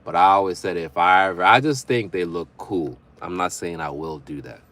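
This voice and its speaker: A man's voice: low-pitched, normal speed, fairly bright tone. A young man hosting a livestream in casual chat, reading viewer comments aloud, bantering and laughing often. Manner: laughs often between remarks. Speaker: livestream host.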